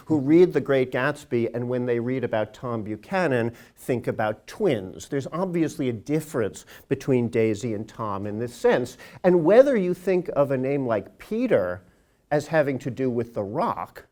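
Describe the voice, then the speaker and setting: A man's voice: medium pitch, a little mellow. Wry man giving an academic lecture. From United States. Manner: wry, digressive, emphatic. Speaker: guest lecturer, linguist.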